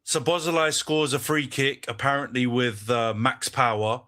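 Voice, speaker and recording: A man's voice: mid-range voice, fairly even intonation, measured pace, noisy background. A man hosting a casual football debate podcast, full of banter, often laughing and calling people "bro". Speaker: podcast host.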